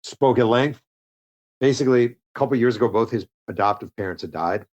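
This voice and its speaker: A man, an author and podcast guest, telling a story with animated energy and acting out the lines of the people in it. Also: mid-range voice, a little fast, muffled recording. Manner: animated storyteller, acts out quoted dialogue. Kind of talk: conversational storytelling interview.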